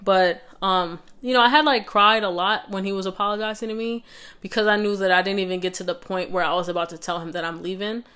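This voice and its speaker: A woman's voice: medium pitch, steady tone, fast, sharp tone, smooth. A young woman vlogger telling a personal story in a casual, conversational way, with lots of fillers and restarts.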